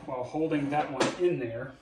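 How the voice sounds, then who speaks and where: A man's voice: mid-range voice, fairly even intonation, normal speed, recorded from a distance, very noisy. Folksy man explaining repairs, echoey garage. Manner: folksy, jokey, explains each step aloud. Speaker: DIY car repair host. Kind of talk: casual how-to narration while working. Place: home garage.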